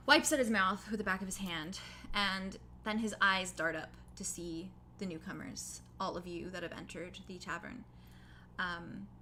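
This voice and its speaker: A woman's voice: medium pitch, pushed and bright, slight background noise. A young woman narrating a tabletop game as game master, casual, with lots of fillers.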